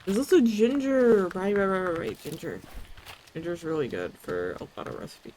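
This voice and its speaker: A woman's voice: on the low side, wildly swooping pitch, normal speed, mellow, a little hiss or hum. A woman streaming a cozy video game, chatting casually, thinking aloud and giggling often. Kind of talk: casual gameplay commentary.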